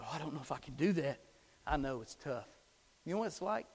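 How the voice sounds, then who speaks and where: A middle-aged man preaching a sermon as a pastor, swinging from hushed whispers to shouted climaxes. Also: on the high side, expressive, fast, slightly rough, in a large hall. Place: church sanctuary.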